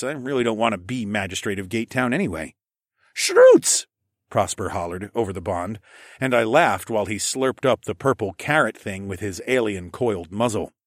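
A man narrating a first-person audiobook, with lively, playful character dialogue. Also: lowish voice, no echo, studio quality.

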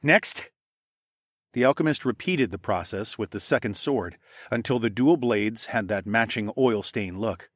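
A man narrating a fantasy audiobook in a first-person voice, putting on higher voices for the characters. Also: normal speed, no echo, studio quality. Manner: voices characters with raised pitch. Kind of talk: scripted narration.

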